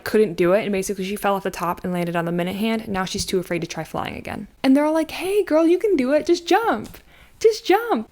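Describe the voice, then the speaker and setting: A woman in her thirties giving a casual movie recap, with a medium-pitched voice. She talks in an animated, sarcastic way, full of slang and asides to the viewer. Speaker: YouTube commentator.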